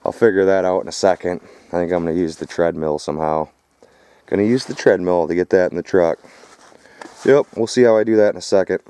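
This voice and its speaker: Rough-talking man vlogging outdoors. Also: low voice, brisk, warm tone, no room sound. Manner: rough, profane, talks straight to viewers. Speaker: scrap metal vlogger. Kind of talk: casual vlog narration. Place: outdoors at a rural property.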